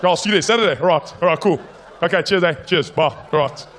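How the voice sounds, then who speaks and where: A man's voice: high-pitched, quick pace, a bit bright, a little hiss or hum. A man voicing a laid-back, friendly guy chatting casually on the phone. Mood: breezy. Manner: breezy, casual.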